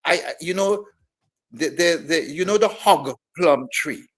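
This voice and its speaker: A man talking on a radio show, his speech full of repeated starts as he works out his point. His voice is fairly high for a man. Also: measured pace, a bit bright. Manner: repeats and restarts words, thinking aloud. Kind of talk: discussion on radio.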